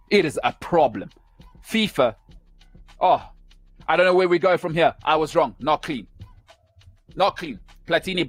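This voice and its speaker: A man's voice: a little high, no echo. A man hosting a sports show, delivering an opinionated rant in emphatic, punchy short phrases.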